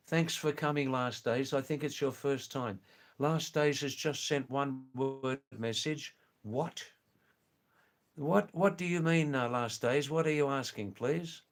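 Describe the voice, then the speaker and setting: An older retired man from England and Australia chats to his live stream viewers. He speaks at an unhurried, slow pace in a mid-range voice. He repeats himself gently as he reads their messages. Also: mid-range voice. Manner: slow, gentle and repetitive, often says "you know" and "yes". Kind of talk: live stream chat reading viewer comments.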